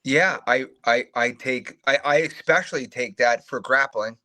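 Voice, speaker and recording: A middle-aged man, a retired fighter, telling animated, profane, self-mocking stories in a casual interview and acting out the voices of others. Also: medium pitch, moderate pace.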